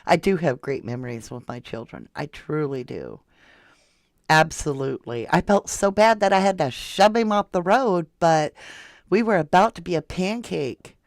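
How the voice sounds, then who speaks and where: Hosting her true crime channel's laid-back livestream, a woman from Florida, USA talks and reads out comments from viewers. Her deep voice is expressive and moderately paced, recorded cleanly in a studio with no room sound.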